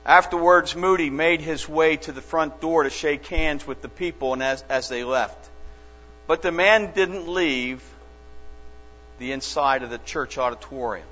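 A man preaching a sermon as a pastor, telling stories slowly and earnestly with dramatic pauses. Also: on the high side, a bit bright. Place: church sanctuary. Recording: dull lo-fi church recording with long reverb and mains hum.

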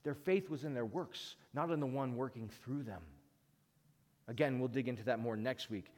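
A man preaching a sermon, telling stories and moving between emphatic peaks and quiet asides. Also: fairly high pitch. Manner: storytelling, rising to emphatic peaks then dropping quiet. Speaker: pastor. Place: church. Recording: long reverb of a church hall.

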